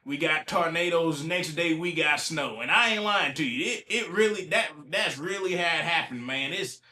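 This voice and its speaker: A man with a fairly high, pushed and bright voice talks at normal speed in an echoey room. Hosting a casual solo podcast from Ohio while slightly ill, he riffs on news headlines colloquially, repeating himself and talking back to them.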